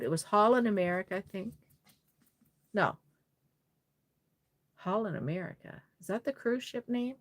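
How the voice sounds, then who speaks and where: A woman with a Cape Breton Maritime Canadian accent, hosting a casual livestream and chatting effusively with viewers while she works. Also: mid-range voice. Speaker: doll-making livestream host.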